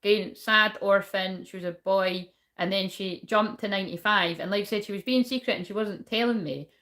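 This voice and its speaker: A woman's voice: mid-range voice, a little fast, a bit bright. Rambling woman, swearing often. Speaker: spiritual reader and shaman. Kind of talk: casual spiritual reading monologue.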